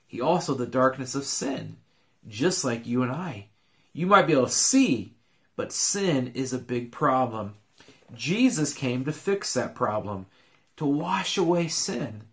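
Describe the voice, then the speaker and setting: A man telling a Bible story to children, in an earnest and expressive storytelling manner. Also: mid-range voice.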